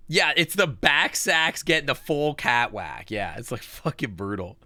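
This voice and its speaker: A man's voice: medium pitch, sing-song, unhurried, hardly any pauses, sharp tone, no echo. A man streaming a puzzle game live, thinking aloud and swearing in frustration. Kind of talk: live gameplay commentary.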